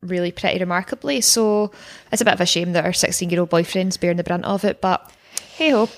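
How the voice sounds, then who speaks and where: A woman's voice: fairly low pitch, fast talker. A woman co-hosting a casual podcast, recapping episodes in a chatty, wry way with frequent laughs. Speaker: podcast co-host.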